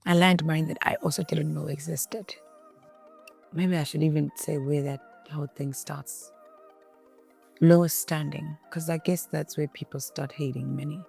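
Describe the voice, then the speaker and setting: A woman's voice: low-pitched, moderate pace, creaky, slightly rough, soft background music. A South African woman giving a candid interview, switching between English and Zulu and acting out what others said. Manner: animated retelling, acts out quotes. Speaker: guest.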